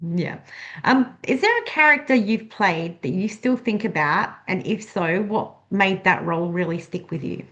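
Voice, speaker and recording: A woman's voice: medium pitch, lively intonation, normal speed, a bit bright, muffled recording. A woman hosting an interview, chatting casually with lots of fillers and affirming replies. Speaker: interviewer host.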